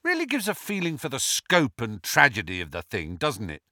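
A man voicing a blunt, excitable teenage boy who speaks his mind in an audiobook. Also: mid-range voice, normal speed, no echo, studio quality, heavily acted. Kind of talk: audiobook character voice.

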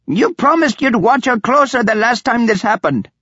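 A woman's voice: on the high side, expressive, moderate pace, fairly bright tone, husky, dry recording, voice pushed up. A man reading an audiobook and voicing a stern, angry woman who oversees the servants and scolds them sharply. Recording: dull lo-fi audiobook recording.

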